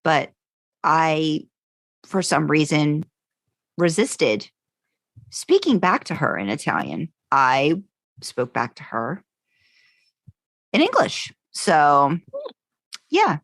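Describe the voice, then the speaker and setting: An American woman co-hosting a podcast, chatting casually with lots of halting restarts and fillers. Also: deep voice, big pitch swings, fairly bright tone, no room sound, clean studio sound. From United States. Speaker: podcast co-host. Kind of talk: casual chat between podcast co-hosts.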